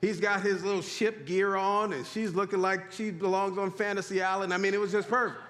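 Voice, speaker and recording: A man preaching a sermon in animated call-and-response style, urging the congregation to repeat after him. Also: high voice, brisk, slight background noise. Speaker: pastor. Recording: echoey hall.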